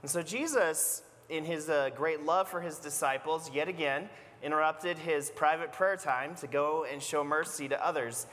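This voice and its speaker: Guy preaching a sermon, chatty storyteller vibe, fairly high voice, church echo. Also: moderate pace, slight background noise. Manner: conversational, animated storytelling. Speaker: pastor.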